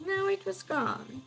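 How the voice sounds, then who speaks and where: A woman's voice: very high voice, gravelly, a bit bright. A woman hosting a live trivia stream, reading questions aloud and chatting with viewers.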